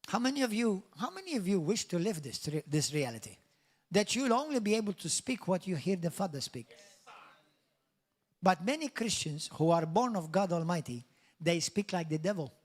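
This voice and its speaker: A man's voice: sits high, very animated, normal speed. A man preaching a sermon as pastor, in an emphatic, declamatory style that builds to exclamations. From Malta.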